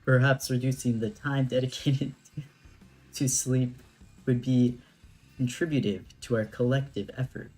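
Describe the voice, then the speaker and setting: Lady putting on a formal guy, shaky french accent, really low voice. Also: fairly even intonation, measured pace, a little mellow, breathy edge, soft background music, heavily acted, low-quality recording. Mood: deadpan. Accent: attempted French.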